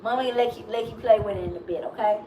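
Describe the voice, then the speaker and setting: A woman with a Chicago accent co-hosting a live chat, telling stories in an animated way with many restarts. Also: mid-range voice, racing. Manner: animated storytelling, frequent laughs and restarts. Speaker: live show co-host. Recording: echoey room with steady background noise.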